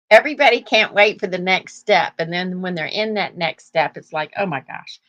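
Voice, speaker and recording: A woman's voice: on the low side, normal speed, fairly bright tone, muffled recording. An older woman hosting a casual live chat, rambling through stories and laughing often. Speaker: host.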